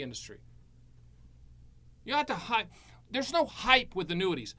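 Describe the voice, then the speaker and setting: A man hosting a live stream on annuities, giving blunt, sarcastic and animated advice full of jokes. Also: high-pitched, a little slow.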